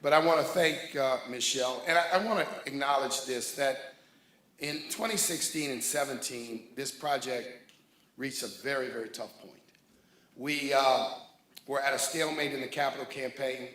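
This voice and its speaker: A man's voice: medium pitch, moderate pace, fairly bright tone. A man giving a jovial, rousing speech at a ribbon cutting, thanking and naming dignitaries from a podium. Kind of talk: public speech to a crowd. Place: large room with a crowd. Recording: echoey hall, crowd noise.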